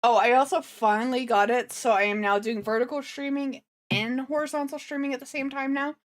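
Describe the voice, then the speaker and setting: A woman's voice: high voice, fairly even intonation, brisk. A woman livestreamer chatting casually, rambling and thinking aloud as she reacts to clips. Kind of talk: casual reaction stream chat.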